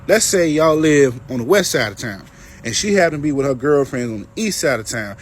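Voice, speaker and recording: A man's voice: a little high, slight background noise. A man giving casual reaction commentary, emphatic and repetitive, with a preachy edge as he addresses men and women directly.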